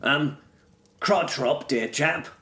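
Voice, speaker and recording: A man's voice: fairly high pitch, slow pace, pushed and bright, voice pushed up, heavily acted. A man reading aloud, voicing his narrator as a nervous, overly polite young man with a wheedling, pleading tone. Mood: awkward.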